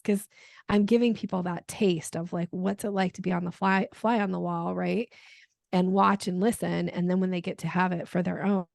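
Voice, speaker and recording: A woman with a gravelly, fry-tinged voice talks through her sales ideas as an interview guest. She's animated and slips into quick acted-out lines of dialogue. The recording is close and dry, with no room sound. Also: on the low side, dry recording. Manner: animated, acts out quoted dialogue with frequent laughs. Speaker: sales coach and podcast guest. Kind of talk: conversational interview.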